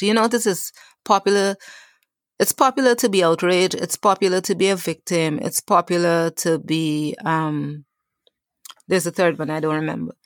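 A woman's voice: on the low side, no echo, studio quality. A woman author and stress coach, a guest on a podcast, talking earnestly about rest and faith and reading from her book. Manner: earnest, faith-based, self-correcting.

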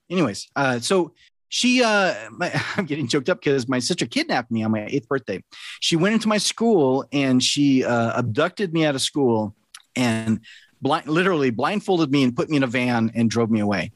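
A man's voice: mid-range voice, expressive, moderate pace, no room sound. A middle-aged man, a podcast host, chatting casually and telling an earnest story.

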